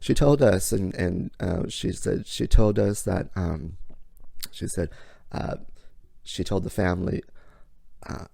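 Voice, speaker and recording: Low raspy-fry guy spinning a story, folksy, dead dry sound. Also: takes it slowly, long pauses, no echo. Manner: animated, folksy, lively pitch jumps. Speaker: storyteller host. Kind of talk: casual personal storytelling.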